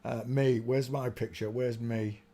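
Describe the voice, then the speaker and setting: A man's voice: mid-range voice, steady tone, a little slow, dark tone. A man hosting a livestream, ranting in a rambling monologue to his chat and muttering to himself as he searches on screen. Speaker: livestream host.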